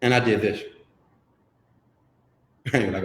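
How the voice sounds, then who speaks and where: A man's voice: deep voice, steady tone, normal speed, long pauses, reverberant. A man from Houston tells a dramatic personal story as a motivational speaker, acting out the dialogue and turning to the audience with direct questions. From Houston, Texas.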